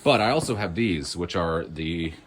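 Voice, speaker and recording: A man's voice: sits low, expressive, normal speed, slight background noise. A man in a cold garage, rambling casually through an unboxing with joking asides. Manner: chatty and rambling, self-mocking asides. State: cold, shivering. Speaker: online reseller.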